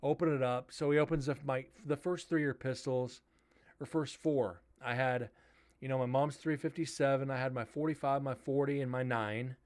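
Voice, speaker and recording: A man's voice: mid-range voice, steady tone, normal speed, darkish tone. A man hosting a live stream, casually telling a story and acting out both sides of the dialogue.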